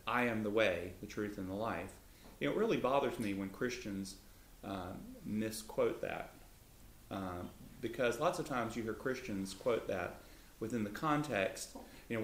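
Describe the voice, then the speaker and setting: Male co-host, casual Bible talk, jumps higher for quotes; roomy, slightly noisy recording. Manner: lively, pitch jumps up when voicing Jesus. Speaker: co-host of a Christian talk show. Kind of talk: conversational Bible teaching. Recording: echoey room.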